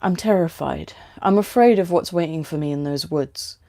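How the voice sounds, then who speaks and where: Fearful, bitter young woman, quiet halting lines, mellow low voice, voiced by the reader. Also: vocal fry. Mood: despairing.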